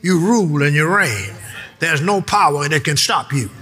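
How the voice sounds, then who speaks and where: A man's voice: a little high, expressive, normal speed, bright, forceful tone, faint music behind. A man preaching a sermon, emphatic and repetitive, reading verses and calling on the congregation to answer back.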